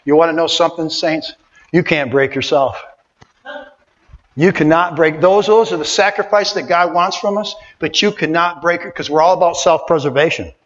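A man preaching a sermon in fervent, repetitive, colloquial style, breaking into sudden shouts. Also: on the high side, moderate pace. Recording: dull sound with long hall reverb.

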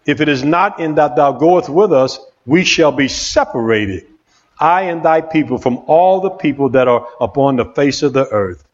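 Excitable high-voiced male preacher. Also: normal speed, highs cut off. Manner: excitable, call-and-response preaching. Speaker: pastor. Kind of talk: sermon. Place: church.

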